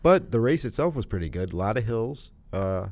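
A young man co-hosting a casual podcast, his voice sitting very low yet swinging through a wide, lively range. He jokes and teases his co-host, delivered close to the mic. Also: normal speed, dry recording. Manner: joking, teasing, puts on bad accents. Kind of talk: casual chat.

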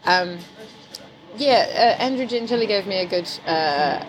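A woman's voice: mid-range voice, expressive, unhurried, poor audio. An Englishwoman who teaches improv, chatting casually with fillers and frequent laughs. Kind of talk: casual chat.

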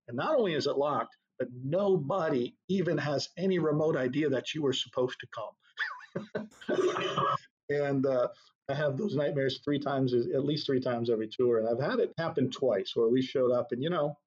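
Middle-aged man, husky voice, easygoing storyteller, dull lo-fi sound. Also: medium pitch. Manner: relaxed anecdotal, laughs at own stories. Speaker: drum corps tour director. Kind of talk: conversational interview storytelling.

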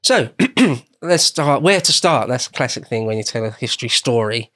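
An English man talks through history in a relaxed podcast chat, wandering through his points and circling back to restate them. His voice sits in an ordinary middle pitch and is recorded close and completely dry, with no room sound at all. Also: normal speed, no echo. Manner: meandering, circles back and rephrases often. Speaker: podcast guest explaining history. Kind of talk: casual podcast conversation.

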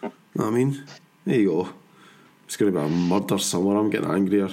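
A Scottish man in his forties hosting a podcast, chatting in a rambling, animated way and laughing often. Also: sits low, quick pace. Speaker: podcast host. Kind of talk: casual chat.

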